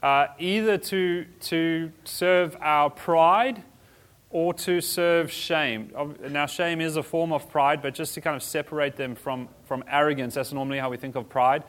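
A man's voice: a little high, steady tone, a little slow, a bit bright. A man teaching a church group in a conversational style, restarting phrases and adding humorous asides. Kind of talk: informal teaching talk.

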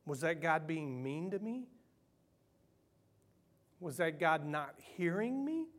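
The middle-aged pastor speaks slowly in a voice on the high side, preaching with animation and self-mockery. His sermon alternates between hushed, sincere passages and boisterous, playful ones.

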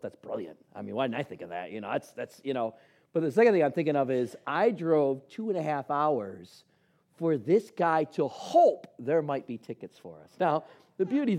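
A man preaching a sermon, telling personal stories and acting out the dialogue in them. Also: fairly high pitch. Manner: animated storyteller acting out dialogue. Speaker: pastor.

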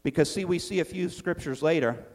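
A man's voice: fairly high pitch, a little fast, darkish tone. A man preaching a sermon to his church in a conversational way, acting out the quotes he reads with swings in volume. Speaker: pastor.

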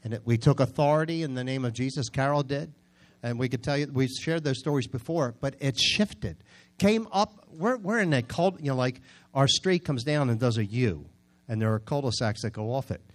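New male pastor, casual storytelling sermon voice with loud emphatic bursts. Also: mid-range voice, moderate pace. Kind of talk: conversational preaching.

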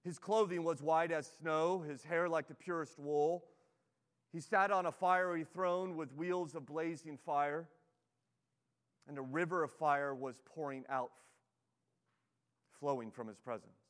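A man preaching from the pulpit, earnest and emphatic as he reads scripture and pleads with his listeners. His voice sits on the high side for a man. It rings out with a long reverb through a church hall. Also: steady tone, unhurried, long pauses. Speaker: pastor. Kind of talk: sermon.

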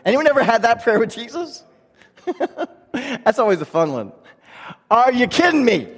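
High-voiced preacher in an echoing hall. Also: male voice, very animated, a little slow, breathy edge. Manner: impassioned, sometimes shouting, dropping to a hush. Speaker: pastor. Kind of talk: sermon.

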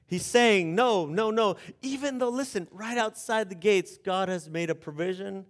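A man preaching a sermon, retelling a story with animated acted-out voices for the characters. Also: high voice, normal speed. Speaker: pastor.

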